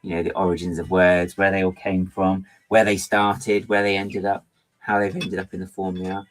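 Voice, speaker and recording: A man's voice: deep voice, little pitch movement, normal speed, rough recording. A middle-aged man chatting casually while he builds with LEGO on a livestream, rambling and often stopping himself to apologise. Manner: rambling, self-interrupting, apologetic.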